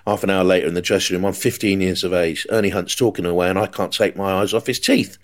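A man hosting a football podcast, telling animated anecdotes and mimicking the people in them. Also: low voice, fast. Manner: animated anecdote-teller, mimics voices in his stories. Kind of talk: storytelling chat.

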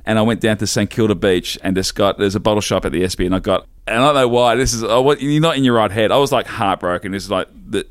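A man's voice: lowish voice, fast talker, hardly any pauses, clean tone, no room sound. A middle-aged Australian man, a stand-up comedian, telling stories in a rambling, self-deprecating way as a podcast guest. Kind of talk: casual storytelling chat.

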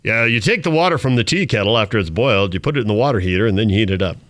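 Teasing sports radio host, lively pitch. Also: male voice, very fast, no echo. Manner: laughing, teasing. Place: radio studio.

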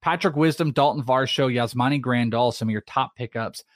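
A man in his thirties talking fantasy baseball in a loose, chatty way, firing off lists of player names and percentages. His voice sits at an ordinary middle pitch. The sound is dry and close, with no room around it. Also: a little fast, no echo. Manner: chatty, rattles off names and stats. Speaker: podcast co-host. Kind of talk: casual fantasy baseball chat.

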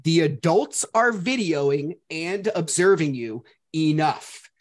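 A man's voice: on the high side, lively intonation, slow. A man hosting a podcast, telling a story in a casual, profane way and mocking the people he quotes. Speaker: podcast host.

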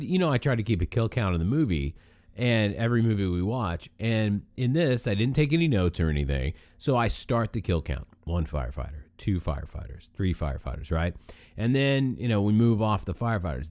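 Lively low-voiced man, podcast co-host. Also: brisk, no room sound. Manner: animated, emphatic storytelling. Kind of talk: casual chat.

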